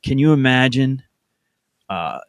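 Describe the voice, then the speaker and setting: A man co-hosting a podcast in loose chat, mocking and disbelieving. His mid-pitched voice sounds dry and close, with no room around it. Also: lively intonation, a little slow, clean tone, no room sound. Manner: mocking, incredulous. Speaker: podcast co-host.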